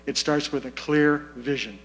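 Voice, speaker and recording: Man, community forum speaker, slightly high voice, deliberate and measured. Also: fairly even intonation, slight background noise, rough recording. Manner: measured, deliberate, repeats key points. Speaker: community meeting participant. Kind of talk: public comment at a community forum. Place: meeting room.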